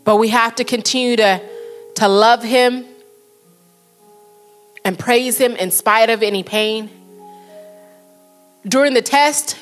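A woman's voice: fairly high pitch, a bit bright. Woman preaching a sermon. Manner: earnest, slows down for quotes and prayers.

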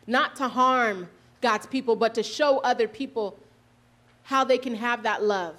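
A woman giving a sermon, reading scripture aloud and explaining it earnestly, slowing down for emphasis and correcting herself now and then. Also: on the high side, fairly bright tone. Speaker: preacher.

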